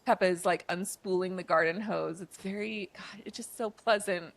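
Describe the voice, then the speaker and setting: A woman's voice: fairly low pitch, fairly even intonation, normal speed, gravelly. A woman co-hosting a podcast, casually retelling a movie's plot in a chatty way, with lots of "like" and "um" fillers. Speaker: podcast co-host.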